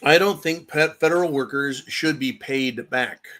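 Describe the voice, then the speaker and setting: A man's voice: mid-range voice, a little slow, pushed and bright. A middle-aged man hosting a political commentary show, ranting angrily with profanity and sarcastic mock quotes.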